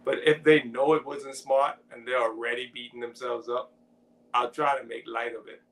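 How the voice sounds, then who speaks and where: Gravelly, laid-back man with a chuckle. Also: mid-range voice, normal speed, low-quality recording. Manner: relaxed, laughs often, reads out chat comments. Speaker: co-host of a ministry talk. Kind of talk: casual spiritual discussion.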